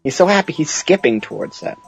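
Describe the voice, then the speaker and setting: A man co-commentating on a video game, cracking quick jokes about what happens on screen. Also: fairly high pitch, very animated, creaky, breathy edge, faint music behind. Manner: wisecracking, reacts with quick jokes. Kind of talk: casual gameplay commentary. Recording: dull, dry lo-fi mic.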